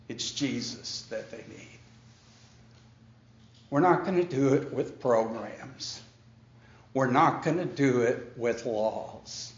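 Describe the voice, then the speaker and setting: A man preaching a sermon with slow, emphatic delivery and dramatic pauses, now and then acting out his opponents in a high, incredulous voice. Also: reverberant, dull audio. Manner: acts out the Pharisees in a high, incredulous voice. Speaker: pastor.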